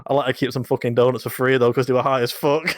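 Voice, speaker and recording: A young man co-hosting a podcast, telling sweary anecdotes in a casual, animated way. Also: mid-range voice, very fast. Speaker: podcast co-host. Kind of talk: casual storytelling chat.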